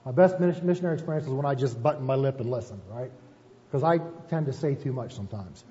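A man's voice: medium pitch, fast talker, warm tone. A man preaching a conversational sermon as a pastor, folksy and self-deprecating, often checking in with "right?". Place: church sanctuary. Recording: muffled, echoey church hall recording.

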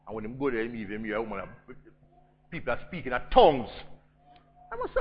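A man with a Jamaican accent preaching a storytelling sermon, swinging between loud emphasis and hushed intensity. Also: mid-range voice, wildly swooping pitch, fast talker, pauses often, husky, lo-fi sound.

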